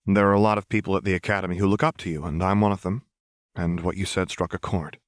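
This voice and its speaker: A man's voice: low voice, fairly even intonation, quick pace, no room sound, clean studio sound, lightly acted. A man reading the part of a young woman graduate who speaks in a polite, eager way. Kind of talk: audiobook reading of fan fiction.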